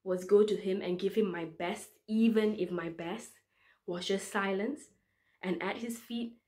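A woman's voice: medium pitch, unhurried. A young woman in her twenties, a medical student preaching, telling a personal testimony in an earnest, emotional way, acting out her prayers with feeling. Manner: earnest, emotional storytelling with lively quoted prayers. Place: church online service recording.

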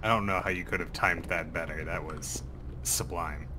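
A man's voice: sits low, fairly even intonation, normal speed, noisy background. A young man chatting casually while gaming with a friend, teasing him in a dry way. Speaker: co-player. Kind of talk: casual gameplay chat. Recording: keyboard typing behind.

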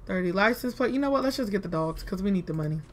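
A woman's voice: mid-range voice, expressive, quick pace. A woman giving casual let's-play commentary, chatty and talking to herself, with frustrated exclamations. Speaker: gaming video creator.

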